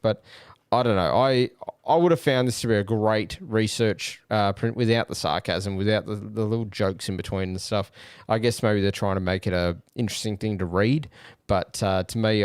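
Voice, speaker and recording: An Australian man hosting a podcast, musing aloud in casual commentary with many pauses and fillers. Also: lowish voice, clean tone, no room sound, studio quality. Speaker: podcast host.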